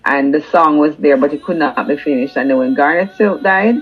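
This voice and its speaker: A woman's voice: sits low, brisk, breathy edge, highs cut off. A Jamaican woman, a singer-songwriter, talking earnestly and emphatically in a casual interview, often repeating words as she builds a point.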